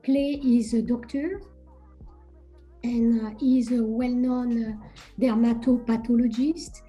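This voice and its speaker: A woman's voice: fairly high pitch, fairly even intonation, slow, warm tone, faint music behind, low-quality recording. A woman from France with a French accent, a winemaker presenting at a virtual wine tasting over a video call, speaking carefully with frequent ums.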